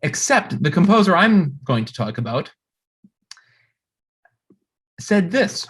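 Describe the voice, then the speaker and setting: A man's voice: a little high, very animated, moderate pace, husky. A young man, a composer, giving a recorded music history lecture with many fillers and restarts.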